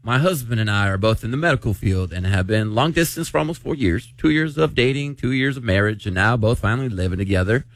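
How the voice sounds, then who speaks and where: A man's voice: medium pitch, fast, few pauses, dry recording. A man hosting a morning radio show in a casual, chatty way, reading out a listener's letter. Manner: chatty, laughs easily, many restarts.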